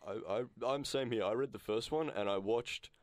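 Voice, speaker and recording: A man's voice: medium pitch, moderate pace, no room sound. A man co-hosting a casual radio chat show, joking and laughing often. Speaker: radio co-host. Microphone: studio microphone.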